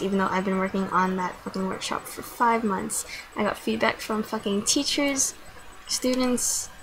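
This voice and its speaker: A woman's voice: medium pitch, a bit bright, slight background noise, rough recording. A teenage girl ranting casually to camera, telling a story bluntly with lots of swearing and quoted dialogue. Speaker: vlogger. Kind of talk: casual vlog rant.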